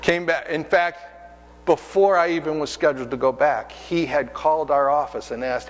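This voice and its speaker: Speaking at a normal pace in a slightly high voice, this man delivers a sermon in a church sanctuary, where he is pastor and also works as a hospice chaplain. His delivery is conversational, built on personal stories in which he performs the different voices. The recording is poor and the large hall is audible.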